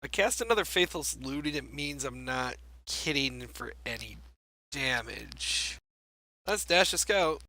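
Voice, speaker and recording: A man's voice: medium pitch, lively intonation, unhurried, pushed and bright, no room sound. A young man giving wry, self-mocking commentary on a card game match as he plays, thinking aloud. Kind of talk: gameplay commentary.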